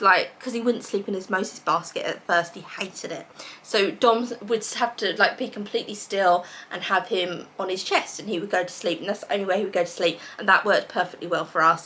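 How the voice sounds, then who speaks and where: A young woman from England with a British accent, telling a personal story to camera in a lively way and acting out what others said. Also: mid-range voice. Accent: British English. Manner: animated, quotes others in dialogue. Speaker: vlogger.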